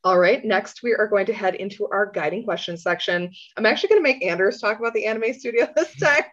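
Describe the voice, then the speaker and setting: A woman's voice: mid-range voice, quick pace, a bit bright. A woman co-hosting a podcast in casual chat, giggly and swearing freely. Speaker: podcast co-host. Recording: dull lo-fi audio.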